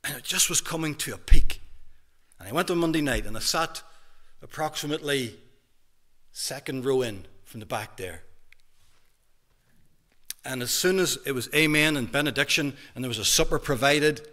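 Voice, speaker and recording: A man in his fifties with a Northern Irish accent, a minister giving an emphatic testimony sermon in a church hall, dropping to a hush and then rising loud. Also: mid-range voice, expressive, normal speed, pauses often. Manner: emphatic preaching with big swings from hushed to loud.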